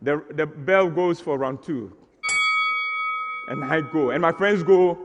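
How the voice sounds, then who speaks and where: Animated older storyteller. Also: male voice, on the high side, slow, long reverb tail, highs cut off, music in the background. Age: 60s. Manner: animated, acts out scenes, mock-dramatic. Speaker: stage performer. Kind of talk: comic storytelling on stage.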